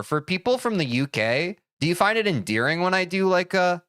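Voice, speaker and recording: A man's voice: a little high, very animated, brisk, few pauses, a bit bright, dry recording, studio quality. A man chatting casually on a live stream, reacting to chat in a jokey, self-deprecating way.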